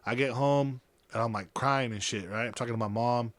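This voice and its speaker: A young man talks fast on a podcast, telling rough stories with animated, profane energy. His pitch sits in the middle, and he drops into quoted voices as he goes. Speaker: podcast guest. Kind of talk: casual podcast chat.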